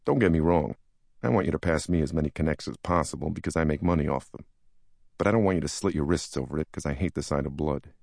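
A man doing a smooth-talking senior broker. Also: rumbling low, fast talker, a little mellow, no echo, studio quality, full character voice. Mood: conspiratorial. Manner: soothing, conspiratorial, crude. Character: charismatic male senior stockbroker, big and brash.

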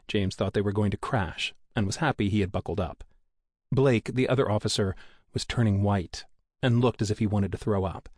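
A man reading a thriller audiobook aloud in a steady, measured storytelling manner, close to a studio mic. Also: on the low side, dry recording. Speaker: audiobook narrator. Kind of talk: scripted narration.

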